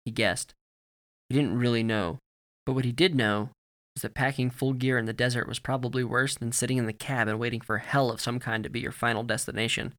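A man narrating a story in a steady, measured reading voice. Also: medium pitch. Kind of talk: scripted audiobook narration.

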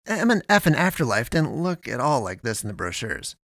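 Male narrator as a nervous young man, questions leaping up, gravelly edge. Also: mid-range voice, very animated, brisk, a bit bright, no room sound, clean studio sound, voice pushed up. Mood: bewildered. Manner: rising, incredulous questions. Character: bewildered, anxious young man lost after death.

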